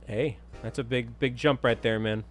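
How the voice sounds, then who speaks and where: A man's voice: medium pitch, steady tone, normal speed, faint music behind. Laid-back male streamer chatting casually. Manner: laid-back, chatting with viewers and humming to himself. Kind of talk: casual live-stream chat.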